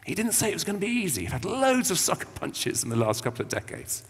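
A man's voice: sits high, sing-song, fast talker, husky. Chatty preacher man in a reverberant church. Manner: chatty and colloquial, acting out quotes with slang. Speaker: visiting preacher. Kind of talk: informal sermon.

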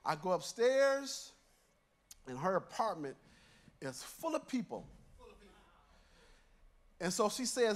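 Older guy preaching, fairly high voice, chatty storytelling, chuckles as he goes. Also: sing-song, slow pace, long pauses. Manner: conversational, storytelling, chuckles through lines. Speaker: church elder preaching. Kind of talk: sermon told as a personal story.

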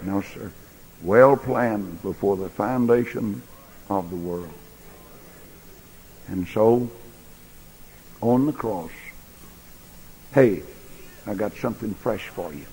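A man preaching a sermon in a large church, folksy, swinging between loud bursts and quiet asides. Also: fairly low pitch, slow pace, pauses often, breathy edge. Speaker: pastor. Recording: echoey church hall recording.

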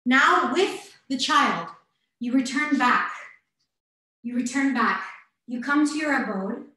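A woman dance instructor leading a guided movement exercise over a video class, narrating slowly step by step with coaching asides. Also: high voice, lively intonation. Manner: slow guiding narration in first person, warm coaching asides. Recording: very echoey room.

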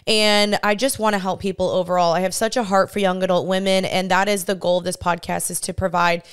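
A woman's voice: fairly low pitch, flat delivery, fairly quick, smooth. A woman in her twenties hosting a casual solo podcast, chatty and bubbly, laughing often. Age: 20s. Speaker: podcast host. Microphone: studio podcast mic, seen on camera.

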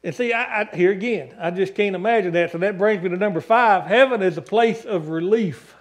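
A male pastor with a high voice preaches fairly quickly in a church sanctuary, driving home long repeated lists and urging the congregation to say amen.

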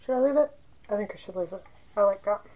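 A woman's voice: medium pitch, lively intonation, fast, narrow, tinny audio. A woman in her forties chatting casually as she demonstrates soap making, rambling into joking asides. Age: 40s.

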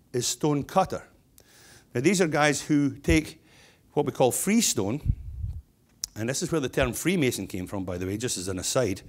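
A middle-aged man, a stonemason and business owner, giving a keynote speech full of humorous anecdotes and chatty restarts. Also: medium pitch.

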